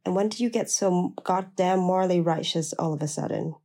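A woman's voice: lowish voice, brisk, mellow. A woman reading the lines of a fiery female partner who flies into rage and curses hard. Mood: furious. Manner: angry, cursing retorts.

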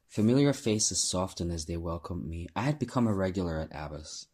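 An audiobook narrator reads a novel at a steady, measured pace in a low, husky, slightly breathy voice. He changes his voice for the characters and lifts it during dialogue.

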